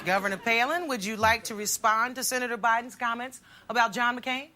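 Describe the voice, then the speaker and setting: A measured, formal debate moderator in a TV comedy sketch. Her tone is bright and slightly high, and she poses each question steadily over faint hiss. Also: steady tone.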